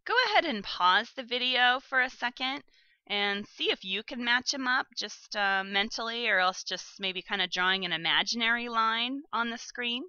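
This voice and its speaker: A woman teaching a vocabulary lesson, pronouncing each word slowly and carefully and giving plain instructions to her students. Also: fairly high pitch, pushed and bright, clear, resonant tone, dry recording, highs cut off. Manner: slow, careful pronunciation of vocabulary. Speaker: language teacher.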